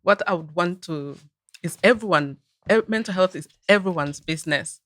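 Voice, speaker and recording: A woman mental health trainer speaking earnestly and in a measured way on a webinar panel, often saying "you know". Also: lowish voice, a bit bright, dry recording, clean studio sound. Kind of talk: panel discussion.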